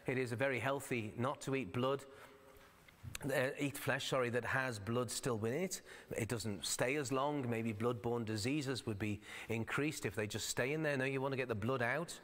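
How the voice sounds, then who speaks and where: A man's voice: mid-range voice, normal speed, a bit bright. A male pastor delivering a sermon in a conversational, explanatory way, sometimes reading scripture in old-fashioned wording. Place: church sanctuary. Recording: long church hall reverb.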